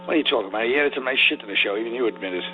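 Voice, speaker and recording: Fast-talking needling comic, tinny sound. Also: male voice, mid-range voice, slight background noise. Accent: New York. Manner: teasing, older-comic ribbing. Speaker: podcast co-host. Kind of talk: needling comedy banter. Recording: tinny phone-like audio.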